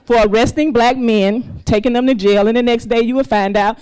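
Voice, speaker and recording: Animated woman telling a story on stage. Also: fairly high pitch, a little fast, clear, resonant tone, low-quality recording. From US South, Mississippi. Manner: animated, laughs often, acts out quoted voices. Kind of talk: live personal storytelling to an audience. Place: stage before a live audience.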